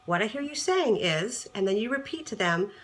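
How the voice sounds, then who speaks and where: A woman relationship coach giving casual advice straight to camera, chatty and animated, acting out bits of dialogue as she explains. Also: mid-range voice, moderate pace.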